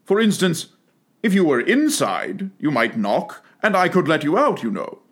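A man voicing a stubborn male footman who speaks slowly, solemnly and deadpan in a storybook reading. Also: on the high side.

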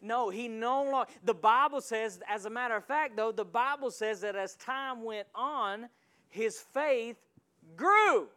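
A male pastor preaching a sermon in a church, calling out to the congregation and swinging from quiet asides to loud surges. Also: very high voice, measured pace, smooth. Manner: call-and-response preaching with sudden loud surges.

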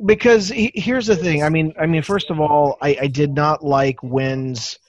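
A man chatting casually on a voice call, animated as he tells stories and acts out quotes. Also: fairly high pitch, a little slow, lo-fi sound. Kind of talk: casual chat.

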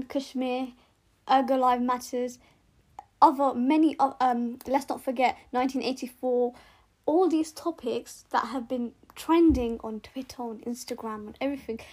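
A young woman hosting her own podcast, talking earnestly in a rambling way with restarts and repeated words, recorded with rough sound at home. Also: high voice, darkish tone. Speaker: podcast host. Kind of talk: casual solo podcast monologue.

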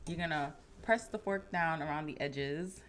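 A woman's voice: low voice, normal speed, fairly bright tone, a little hiss or hum. A woman in a casual chat, explaining things plainly step by step. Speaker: guest.

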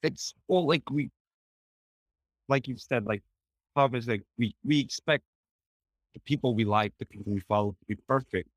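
A man talks sincerely as a podcast guest, often stopping and restarting his sentences. His voice is mid-pitched and recorded dry and close. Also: dry recording. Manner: halting, many restarts and fillers, sincere. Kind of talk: conversational interview.

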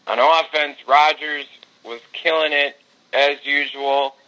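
Bright-voiced man talking sports. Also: on the high side, slow pace, poor audio. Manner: storytelling, swearing, excitable when reliving games. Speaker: podcast co-host. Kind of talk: casual sports chat.

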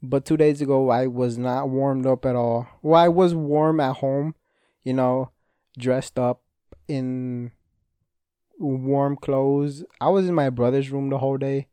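He's a young solo podcaster with a mellow, steady, medium-pitched voice, speaking unhurriedly in a clean, dry recording. The casual monologue wanders, full of swearing and self-interruptions, and he's restless, with an injured hand.

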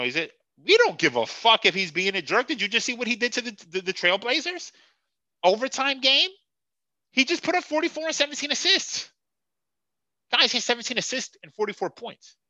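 A man's voice: sits high, bright, forceful tone, no room sound. A man hosting a sports podcast who rants in a profane, sarcastic and heated way. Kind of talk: casual sports rant.

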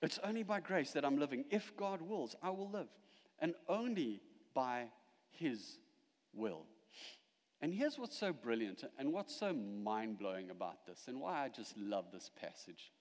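A male pastor preaching a sermon, emphatic at the peaks and dropping quiet at the close. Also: medium pitch, big pitch swings, unhurried, big-room sound.

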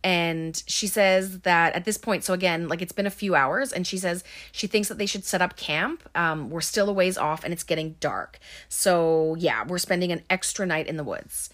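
A woman's voice: lowish voice, moderate pace, hardly any pauses, fairly bright tone. A woman giving a casual, chatty movie recap, full of ums and likes.

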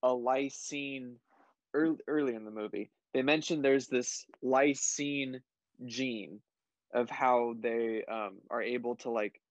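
A man's voice: mid-range voice, slow pace, no echo. A tipsy man rambling about a movie in casual chat, backtracking and correcting himself. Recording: dry dull lo-fi mic.

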